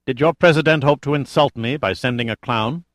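A man's voice: mid-range voice, brisk, no room sound, clean studio sound, voice pushed up, natural voice. A male narrator voicing an arrogant, menacing male cult leader who talks in a cold, commanding tone. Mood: haughty.

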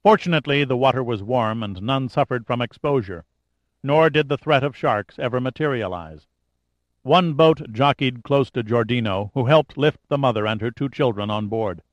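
Male narrator, audiobook thriller, steady dramatic read, dry close sound. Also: medium pitch, moderate pace, dry recording, muffled recording. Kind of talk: scripted narration.

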